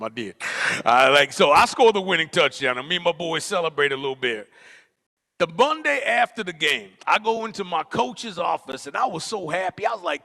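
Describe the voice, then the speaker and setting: Slangy storyteller with a gravelly voice. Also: male voice, on the high side. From Newark, New Jersey. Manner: animated, slangy, addresses the audience. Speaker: spoken-word performer. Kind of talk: comic storytelling monologue. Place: large auditorium. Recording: auditorium with long reverb.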